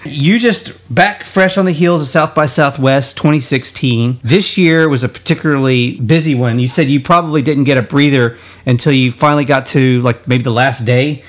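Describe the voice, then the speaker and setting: Playful male podcast host. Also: mid-range voice. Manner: playful, laughs often. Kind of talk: casual chat.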